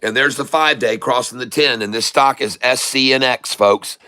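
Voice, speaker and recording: A middle-aged man hosting live day-trading commentary, excitable and folksy, repeating phrases for emphasis. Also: mid-range voice, moderate pace, few pauses, clear, resonant tone. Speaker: day trader host.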